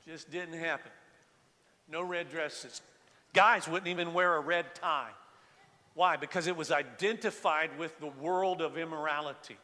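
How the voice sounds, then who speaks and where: A man's voice: a little high, fairly even intonation, unhurried, bright, forceful tone, in a large hall. An older man preaching a sermon in a church sanctuary, talking with the congregation, asking them to raise their hands and often restarting his sentences. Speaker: pastor.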